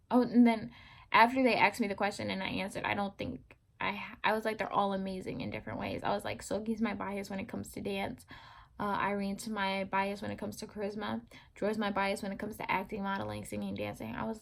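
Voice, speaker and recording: A woman's voice: mid-range voice, vocal fry. A young woman vlogger casually retelling a story to camera, rambling and correcting herself as she goes.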